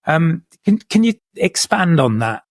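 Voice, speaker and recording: A man's voice: on the high side, big pitch swings, measured pace, no echo, studio quality. A man hosting a podcast, asking his guest questions and earnestly appealing to listeners. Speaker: podcast host.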